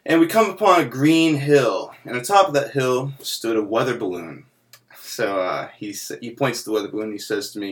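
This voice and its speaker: A man's voice: mid-range voice, moderate pace. A man telling a long joke in casual podcast chat, rambling and laughing at his own punchlines.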